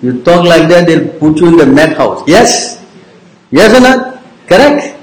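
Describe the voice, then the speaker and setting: High voiced guy teaching a devotional class, keeps going "yes? understand?", teasing, echoey room. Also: big pitch swings, a little slow. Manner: informal, teasing, repetitive. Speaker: religious teacher.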